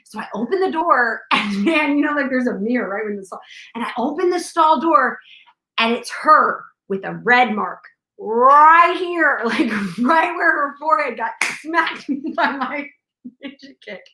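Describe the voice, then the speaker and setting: Lively, bright-voiced woman telling a story. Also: sits high, a little slow. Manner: dramatic, acts out scenes with shifts in volume. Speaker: show host telling a personal story. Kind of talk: animated anecdote. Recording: echoey room.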